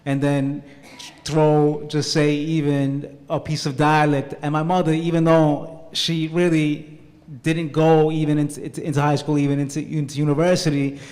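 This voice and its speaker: Hesitant man translator, slightly high voice. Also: level tone, normal speed, a little mellow. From Italian-American family. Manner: hesitant, repeats words, mixes in Italian phrases. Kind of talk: live panel answer. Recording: reverberant hall.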